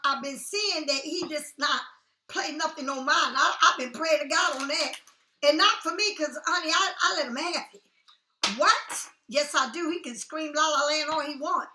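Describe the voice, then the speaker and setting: A woman's voice: high-pitched, sharp tone, reverberant, slight background noise, rough recording. Sassy, blunt woman reading tarot. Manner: blunt, sassy and talkative, swears freely. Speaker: tarot card reader.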